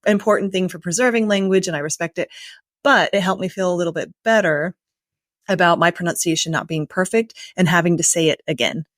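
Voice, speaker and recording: American woman hosting a relaxed podcast chat. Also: on the low side, fairly quick, no room sound, clean studio sound. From United States. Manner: thoughtful, asks long musing questions. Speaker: podcast host. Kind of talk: casual interview chat.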